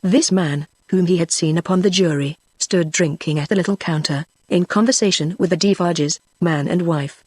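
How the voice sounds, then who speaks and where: A woman's voice: fairly low pitch, moderate pace, few pauses, dry recording. Synthetic British woman reading aloud. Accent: British English. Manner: steady, even text-to-speech reading. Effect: synthetic text-to-speech voice. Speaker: audiobook narrator. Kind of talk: scripted narration.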